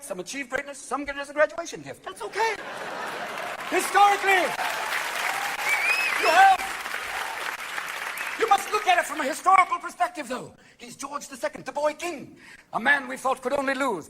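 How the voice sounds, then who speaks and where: A man performing a live stand-up set, firing off manic impressions and sudden shouts. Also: extremely high pitch. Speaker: stand-up comedian. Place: theater stage before a crowd. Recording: live audience laughter and noise.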